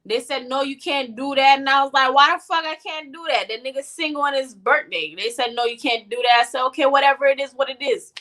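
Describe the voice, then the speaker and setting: A woman on a podcast tells a story in a loose, profane and animated way. Her voice sits high and sounds bright. The delivery is casual, like chatting with friends. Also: brisk, few pauses. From North Miami. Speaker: podcast co-host. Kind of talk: casual chat.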